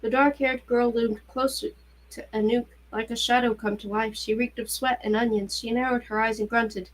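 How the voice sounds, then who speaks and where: A woman reading a novel aloud in a steady, even narrating voice. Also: fairly high pitch, moderate pace, a little hiss or hum, poor audio. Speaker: reader. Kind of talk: audiobook-style novel reading.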